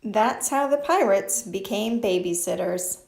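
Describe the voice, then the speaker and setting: A woman hosting a children's storytime and reading a picture book aloud in a gentle, clear way. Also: medium pitch, expressive, unhurried, roomy sound. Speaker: storytime host.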